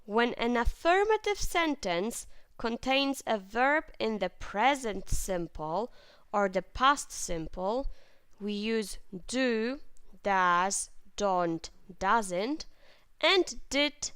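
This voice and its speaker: A woman teaching English grammar in a clear, patient way, with lively intonation and plenty of example sentences. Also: on the high side, extremely slow, dry recording. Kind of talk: grammar lesson.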